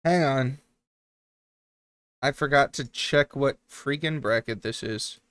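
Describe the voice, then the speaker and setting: A man casting a strategy game tournament live on stream, chatty and joking with quick asides. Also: medium pitch, a bit bright, no room sound.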